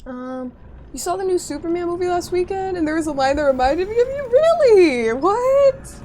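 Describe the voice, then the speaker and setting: A woman streams a game and chats casually with viewers, reading their messages aloud and firing back with playful mock outrage. Her very high voice is animated, fast, and dark in tone, with slight background noise.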